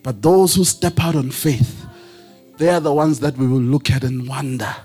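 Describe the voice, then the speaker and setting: A male preacher delivering a sermon in a husky voice, with a sing-song preaching cadence that rises into shouts. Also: medium pitch, normal speed, faint music behind.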